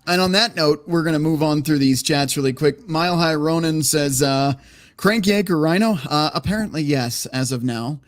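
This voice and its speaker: A man's voice: fairly high pitch, normal speed, no echo, clean studio sound. A man hosting a casual call-in show, talking loosely, swearing now and then, and reading viewer chats aloud. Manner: relaxed, swears casually, reads chat aloud. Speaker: host.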